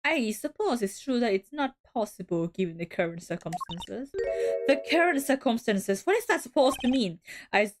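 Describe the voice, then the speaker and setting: A woman voicing a cool, formal male prosecutor, reading his lines in a measured, lowered tone. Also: big pitch swings, over loud music.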